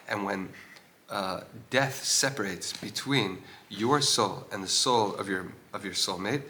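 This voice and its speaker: A Torah teacher's voice, on the low side and sharp, comes through with a little hiss or hum. Inside an old stone synagogue he reads short Hebrew passages, translates them, and explains while asking questions of the text and pausing with fillers.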